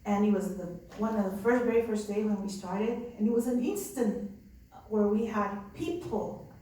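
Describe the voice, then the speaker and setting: A woman's voice: medium pitch, normal speed, dark tone. Earnest woman. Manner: earnest, conversational with many fillers. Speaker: nun running a migrant respite center. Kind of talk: personal storytelling. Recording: echoey room from far off, faint ambience.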